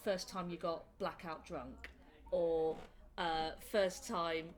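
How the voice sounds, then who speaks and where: A woman's voice: fairly low pitch, takes it slowly. Chatty Northern English young woman. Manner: chatty, laughing, animated storyteller. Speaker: comedian guest. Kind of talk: casual interview chat. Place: indoor room.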